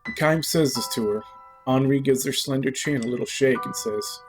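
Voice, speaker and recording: A man's voice: medium pitch, music in the background. Man reading a game story aloud. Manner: measured, earnest reading. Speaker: streamer.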